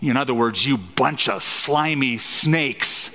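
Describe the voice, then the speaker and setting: Pastor preaching in a reverberant hall. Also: male voice, medium pitch, slow, bright, forceful tone. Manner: emphatic, asks rhetorical questions. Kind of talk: expository sermon.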